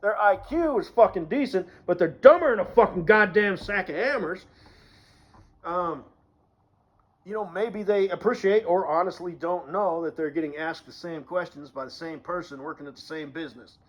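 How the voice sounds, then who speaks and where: A man delivering a sarcastic, profane rant, mumbling at times and shouting at others. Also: sits high, moderate pace, poor audio. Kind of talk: casual ranting monologue.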